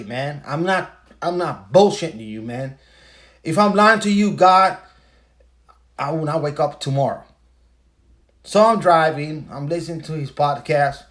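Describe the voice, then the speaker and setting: A man in a loose monologue, retelling a story and swearing freely. His voice sits a little high for a man. He hammers his points home with rhetorical questions. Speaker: podcast host. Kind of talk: casual ranting monologue.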